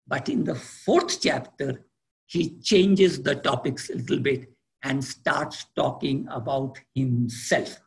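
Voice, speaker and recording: A man with an Indian accent giving a spiritual lecture, deliberate and repeating key words for emphasis. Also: medium pitch, creaky. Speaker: spiritual teacher.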